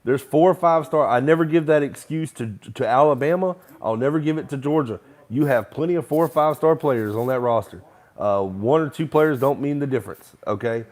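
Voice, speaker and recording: A young man hosting a casual live sports chat, rambling between opinions and reacting loudly to plays as he watches. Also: mid-range voice, a little fast. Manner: rambling, excitable, shouts and laughs at plays. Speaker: sports show host.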